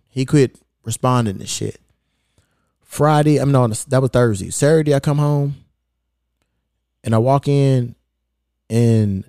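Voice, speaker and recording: A man hosting a podcast, telling a long story in a heated, profane, animated way. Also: mid-range voice, dry recording, clean studio sound. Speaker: podcast host. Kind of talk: casual storytelling rant.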